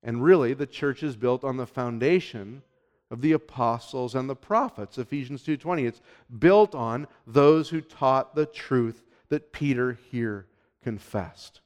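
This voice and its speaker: A man preaching a sermon as pastor, emphatic, swinging from hushed lines to loud, urgent ones. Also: medium pitch, measured pace.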